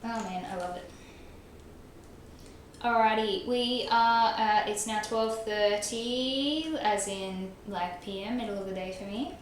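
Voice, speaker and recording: Livestreaming a game, a young woman chats casually with her viewers and reads their messages, often laughing and poking fun at herself. Her medium-pitched voice is slow, and the room sounds very echoey with faint noise.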